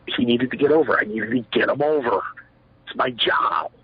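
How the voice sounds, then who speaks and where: A man's voice: mid-range voice, normal speed, husky, dry recording. A middle-aged man, a former pro wrestler, telling stories in a rambling interview, full of fillers and acted-out quotes. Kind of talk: shoot interview storytelling. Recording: dull lo-fi sound, dry.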